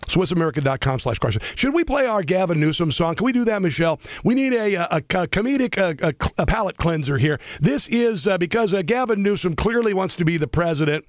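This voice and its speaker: A man hosting a political talk radio show, sarcastic and combative, talking fast with many restarts. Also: high-pitched, animated, dry recording.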